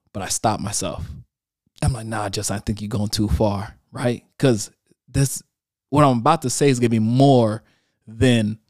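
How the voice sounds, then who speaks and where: A man's voice: medium pitch, dry recording, studio quality. A young man hosting a casual solo podcast, animatedly recounting an online argument and reading out comments in slang. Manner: animated storytelling, reading out social media comments with slang and laughs. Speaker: podcast host.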